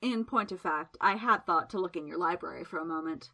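A woman voicing a sardonic, unhurried male magician, lowering her voice into a dry drawl. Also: bright, forceful tone. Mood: casual.

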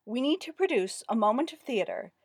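A woman voicing a pompous, know-it-all middle-aged male wizard who talks high and insists loudly that he was right, in a storybook reading. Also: big pitch swings, brisk, no echo, clean studio sound, full character voice. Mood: eager. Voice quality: high-pitched, loud, insistent.

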